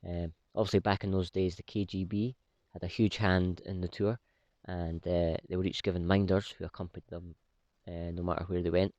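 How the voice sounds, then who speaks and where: A middle-aged man hosting a pipe-smoking vlog, telling a family story in a relaxed way with many "uh" fillers. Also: low voice, a little fast, no echo, dull audio. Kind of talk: casual storytelling. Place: woodland, outdoors.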